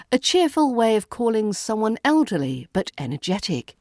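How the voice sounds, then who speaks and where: A woman's voice: medium pitch, big pitch swings, measured pace, a little mellow, dry recording, clean studio sound. A woman with a British RP accent, teaching pronunciation as an accent coach in a playful, dryly witty scripted voice-over, whispering some of her sound demonstrations.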